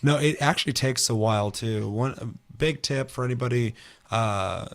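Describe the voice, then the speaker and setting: A man chatting casually on a gaming podcast, swearing a lot and telling stories with animated, shouted quotes. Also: mid-range voice, normal speed. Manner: profane, animated storytelling with shouted put-on quotes. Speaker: podcast co-host.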